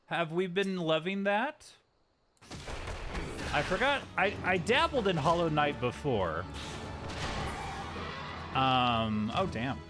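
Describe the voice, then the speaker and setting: A man's voice: on the high side, expressive, slow, pauses often, over music. A man streaming a video game, chatting casually in a joking way with sudden yelps and some swearing. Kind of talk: casual live-stream gameplay commentary.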